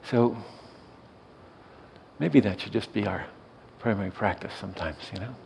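A man speaking as a meditation teacher in a gentle, soft-spoken way, often letting his voice trail off quietly as he tells a reflective story. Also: fairly low pitch, fairly quick, gravelly, a little hiss or hum, low-quality recording.

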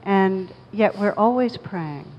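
A woman speaking as a meditation teacher in a thoughtful, measured way, slowing down on key words as she tells a story. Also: medium pitch, animated, a little hiss or hum. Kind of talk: reflective storytelling talk. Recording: dull audio with long reverb.

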